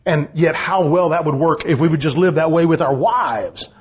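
A marriage sermon is preached by a man whose slightly rough voice is on the high side, at a moderate pace. Reading aloud from the King James scripture, he builds emphasis as he presses each point; the audio is dull and lo-fi.

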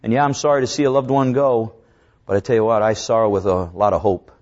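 A man preaching a sermon, reading scripture slowly and swinging between raised, urgent lines and low, hushed ones. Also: steady tone. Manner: preaching with dramatic rises and drops; slows down to draw out scripture quotes. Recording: dull lo-fi recording.

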